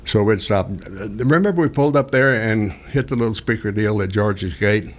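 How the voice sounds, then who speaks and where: An older man from southeast Texas hosts a radio show, his voice lowish and at a normal speed. He casually tells rambling, folksy stories, restarting sentences and chuckling as he chats.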